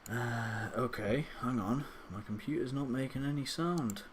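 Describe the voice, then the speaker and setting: A man's voice: medium pitch, unhurried, slight background noise. A man live streaming late at night from his home computer, rambling and self-deprecating, with lots of hesitant restarts. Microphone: desktop USB microphone.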